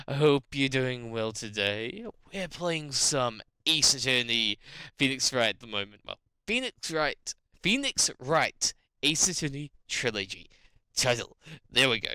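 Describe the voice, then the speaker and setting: Giggly, animated New Zealand streamer. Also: medium pitch, measured pace, no echo. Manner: giggly, animated, laughs at own slip-ups. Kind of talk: gameplay commentary, reading dialogue aloud.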